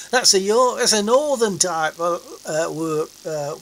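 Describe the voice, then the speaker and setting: A man's voice: high-pitched, animated, slow pace, creaky, a bit bright, a little hiss or hum, low-quality recording. A man in his seventies, chatting casually and rambling with livestream viewers from his home sim setup. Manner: rambling, chuckling, self-mocking. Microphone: desk mic.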